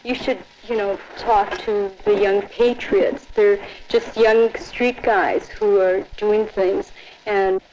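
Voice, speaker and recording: A woman explaining things calmly in a documentary interview. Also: medium pitch, slow, a little hiss or hum. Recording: dull lo-fi 1960s film sound.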